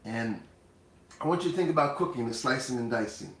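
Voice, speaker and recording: A man's voice: medium pitch, lively intonation, a little fast, a bit bright. A man hosting a cooking livestream, talking casually and speaking directly to his viewers. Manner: conversational, addresses viewers directly. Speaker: cooking show host. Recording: roomy echoey room.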